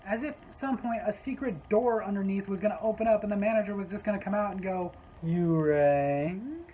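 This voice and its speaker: A woman's voice: medium pitch, fairly even intonation, fast, warm tone, dull audio, a little hiss or hum. A woman casually retelling a story from her old gas station job, wry and exasperated.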